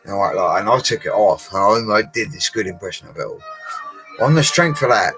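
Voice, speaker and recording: A man's voice: on the low side, expressive, fairly quick, fairly bright tone, soft background music, poor audio. A middle-aged man, rambling through a casual live stream with laddish banter and frequent laughter. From Colchester, England. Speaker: livestream host.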